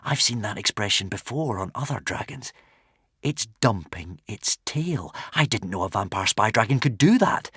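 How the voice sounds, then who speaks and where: A fretful young Viking boy who frightens easily, his voice climbing high when alarmed, as a man reads him. Recorded dry and close like a storybook. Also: animated, a bit bright, slightly rough, no room sound. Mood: worried. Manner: fretful, quick to panic.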